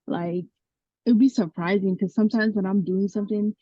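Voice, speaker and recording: A woman's voice: mid-range voice, fairly even intonation, moderate pace, warm tone, no room sound. A woman speaking thoughtfully on a casual group video call, with giggles. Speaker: group member. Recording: dull lo-fi call audio.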